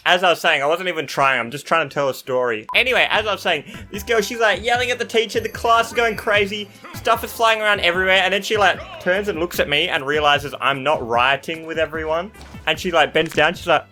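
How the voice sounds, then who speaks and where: A man's voice: high-pitched, fairly quick, pushed and bright. A young man from Australia tells stories from his school days while playing a video game, often cutting off mid-story to react to the game. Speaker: gaming YouTuber. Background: game music.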